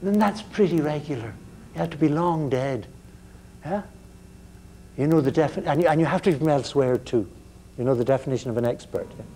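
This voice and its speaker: Older male lecturer, halting and wry. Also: fairly high pitch, animated, dark tone, slight background noise. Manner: halting, repeats words, wry humor. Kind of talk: university lecture.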